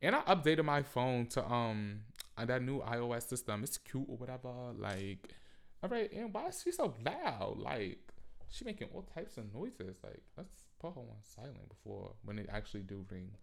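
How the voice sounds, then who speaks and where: A man hosting a casual solo podcast, talking loudly and animatedly with frequent swearing and mocking asides. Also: mid-range voice, very animated, moderate pace, creaky. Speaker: podcast host.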